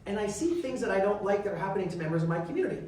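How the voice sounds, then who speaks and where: A man's voice: sits high, racing. Man telling stories in an echoey hall. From Canada. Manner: animated, acts out quoted dialogue. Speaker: guest speaker, member of parliament. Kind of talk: storytelling talk. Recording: echoey and distant, faint noise.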